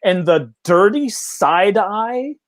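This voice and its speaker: A man co-hosting a casual sports fan show, telling a story with lively swings in his voice. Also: sits high. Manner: animated storyteller, drawn-out phrasing. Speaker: co-host. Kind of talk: casual banter among friends.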